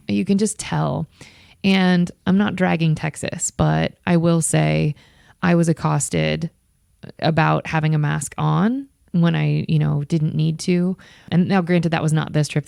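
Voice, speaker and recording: Gravelly dark-voiced woman telling a story. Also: deep voice, no room sound, studio quality. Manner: exasperated, sarcastic, acts out quotes. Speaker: podcast host. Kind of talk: casual storytelling.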